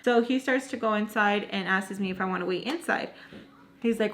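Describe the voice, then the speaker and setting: Storytime vlogger, woman with a mid-range voice, chatty and animated. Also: mid-range voice, brisk. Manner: animated, acts out quoted dialogue; rambling, self-correcting asides. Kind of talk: casual storytime retelling.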